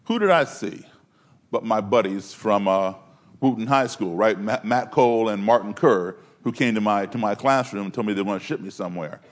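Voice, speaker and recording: Unhurried male storyteller. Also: fairly low pitch. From Maryland, USA. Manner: conversational, with fillers and restarts, unhurried. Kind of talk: personal storytelling.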